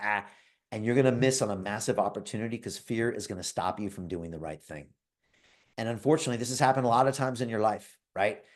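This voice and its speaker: Emphatic man giving a sales pitch. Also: darkish tone. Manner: emphatic, keeps asking the audience "right?"; calls on listeners by name. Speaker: host pitching an investment club. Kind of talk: motivational sales pitch on a live call.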